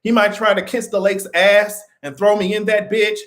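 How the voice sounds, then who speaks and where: A man's voice: high-pitched, little pitch movement, normal speed, fairly bright tone. A man hosting a pop-culture commentary livestream, ranting with heavy profanity and frequent laughter. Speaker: livestream host.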